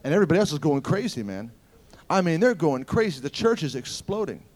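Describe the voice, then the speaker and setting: A man preaching a sermon, telling stories in an animated way that swings from loud exclamations to hushed asides. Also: a little high, quick pace.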